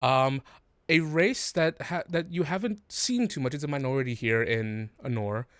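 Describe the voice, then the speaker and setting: A man's voice: mid-range voice, moderate pace, a bit bright, no room sound. A man narrating a tabletop game as game master, rambling with many fillers.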